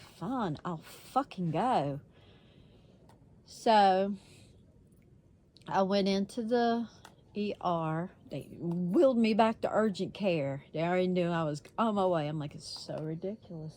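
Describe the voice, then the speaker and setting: A woman's voice: lowish voice, a little mellow. A woman vlogger telling a story in a casual, blunt way, swearing freely and laughing often.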